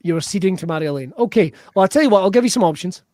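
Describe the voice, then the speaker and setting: A man's voice: sits high, animated, very fast, darkish tone, dry recording, clean studio sound. A man hosting an online improv comedy show, giggling and swearing playfully as he gathers suggestions.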